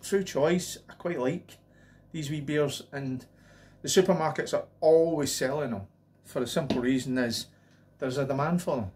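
A man's voice: on the high side, moderate pace, darkish tone. Chatty man reviewing lager. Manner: chatty, rambling, jokey asides. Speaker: beer reviewer. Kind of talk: casual beer review vlog.

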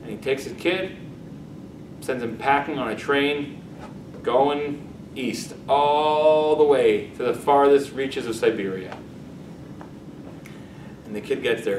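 A man who is a rabbi, telling a story in a casual, animated lesson. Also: medium pitch. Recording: echoey room, distant mic, noisy.

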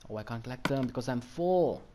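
A man giving casual, excitable commentary while playing a game, easily delighted and chatting to the animals he meets. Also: mid-range voice, brisk, noisy background. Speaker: gaming channel host. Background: background music.

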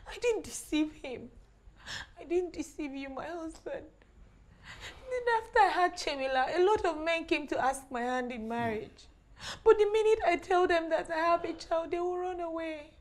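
A woman's voice: very high voice, expressive, moderate pace. An actress with a Nigerian English accent playing a guilt-stricken mother and wife who begs for forgiveness in tears. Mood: pleading. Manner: tearful pleading. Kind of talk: film drama acting.

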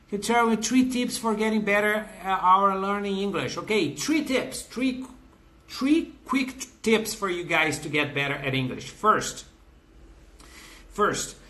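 A man's voice: on the high side, pushed and bright. A man teaching a live online English class, encouraging and repeating phrases as he greets viewers by name.

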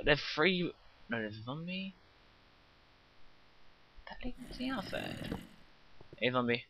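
A British man giving casual, rambling commentary on his game, chatting to viewers and joking at his own expense. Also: medium pitch. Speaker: let's play gamer. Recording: slightly muffled with faint hiss.

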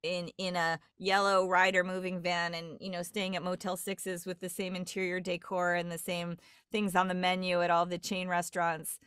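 Speaking in a fairly low monotone at normal speed, a dialect coach from New York chats casually on a podcast, telling rambling stories riddled with fillers and restarts. Her tone is clean and a bit bright, captured in studio quality without room sound.

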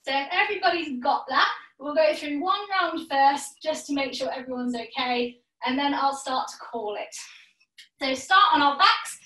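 High-voiced woman guiding a yoga class. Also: sharp tone. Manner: encouraging, calls out poses in quick rounds. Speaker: yoga instructor. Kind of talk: guided yoga class instruction. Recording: echoey room, voice from a distance.

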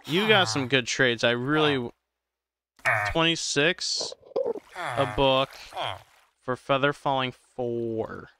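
A man live-streaming a game, chatting casually with viewers in a slow, drowsy, rambling way because he is tired. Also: mid-range voice, crowd noise. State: tired, medicated.

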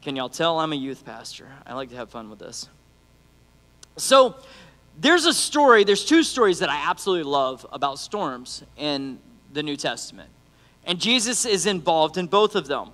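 A middle-aged man preaching a lively sermon as youth pastor, joking and acting out the people in his stories. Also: fairly high pitch, moderate pace. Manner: animated, acts out quotes, joking asides. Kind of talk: energetic sermon. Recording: long reverb of a church hall.

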